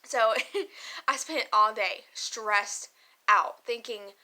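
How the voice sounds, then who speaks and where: A woman's voice: medium pitch, very slow, bright, forceful tone. A young woman chatting casually to camera as a vlogger, emotional and talkative, often laughing and using many fillers.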